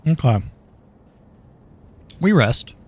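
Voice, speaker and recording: A man's voice: on the high side, sing-song, extremely slow, a little mellow, a little hiss or hum. A man streaming a video game, chatting casually to himself, swearing and yelping when surprised. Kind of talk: casual gameplay commentary.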